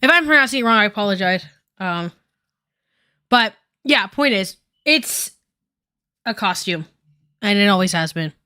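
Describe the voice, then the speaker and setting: A woman's voice: fairly high pitch, pushed and bright. A woman giving casual stream commentary while doing her makeup, rambling with lots of fillers and casual swearing.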